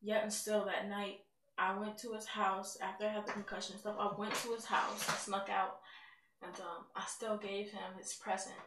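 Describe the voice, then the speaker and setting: A woman's voice: medium pitch, level tone, normal speed, noisy background. A woman giving a candid, emotional personal testimony in a conversational way. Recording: roomy sound, mic at a distance.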